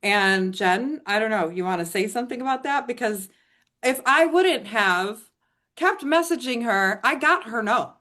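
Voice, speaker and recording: A middle-aged woman tells her story on stage in a chatty, emphatic way, her voice sitting a little high. She rambles, restarts and keeps pushing forward. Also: lively intonation, measured pace, bright, forceful tone. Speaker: network marketing speaker.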